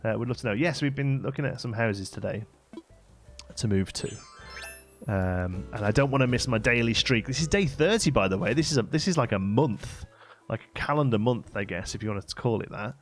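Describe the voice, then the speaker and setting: A man's voice: medium pitch, lively intonation, brisk, faint music behind. A man from England, rambling casually as he hosts a game livestream and answers his chat. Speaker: livestream host.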